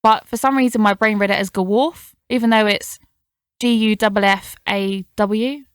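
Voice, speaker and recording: A chatty woman, telling stories as a podcast guest and breaking into laughter often. Her voice sits at a middling pitch. The recording is dry and close. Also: fairly even intonation, normal speed, smooth, dry recording. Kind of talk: casual chat.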